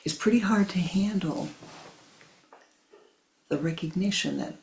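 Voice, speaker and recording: Gravelly-voiced man telling a teaching story. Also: high voice, measured pace, pauses often. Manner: conversational, many asides. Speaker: spiritual teacher.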